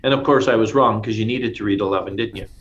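A man's voice: on the low side, quick pace, a bit bright. A man teaching a casual Bible study in an enthusiastic, conversational way, often restarting his sentences. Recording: dull lo-fi sound with faint noise.

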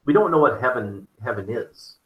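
A man's voice: medium pitch, lively intonation, moderate pace, roomy sound, phone-quality sound. A man in casual conversation about theology, rambling and repeating his words. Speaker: theology discussion partner.

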